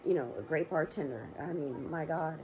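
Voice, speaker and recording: A woman hosting her own show, telling a long personal story in a blunt, rambling way, with frequent profanity and fillers. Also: moderate pace. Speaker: show host. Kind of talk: candid personal monologue. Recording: muffled low-volume recording with loud background noise.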